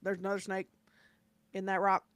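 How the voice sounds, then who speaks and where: A woman putting on the voice of a deadpan, emotionless little country boy of about eight, who answers in short, flat, clipped lines. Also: medium pitch, moderate pace, smooth, dry recording, pitched below the performer's own voice, natural voice.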